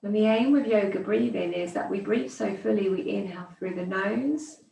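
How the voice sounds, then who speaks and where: A woman teaching yoga, guiding slow breathing with calm, soothing counting cues. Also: medium pitch, vocal fry. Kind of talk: guided breathing instruction. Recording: echoey room, distant mic.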